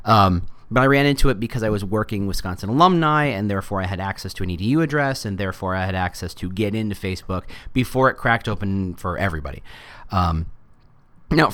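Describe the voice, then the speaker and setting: A middle-aged man hosting a casual solo podcast, talking in an animated way with joking asides and quick put-on voices for quotes. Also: on the low side. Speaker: podcast host.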